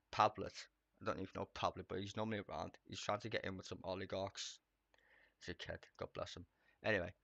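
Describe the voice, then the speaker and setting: Bright-voiced man ranting casually. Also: lowish voice, no room sound. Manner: swears a lot, laughs, animated and mocking. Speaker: live streamer. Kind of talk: casual political rant on a live stream.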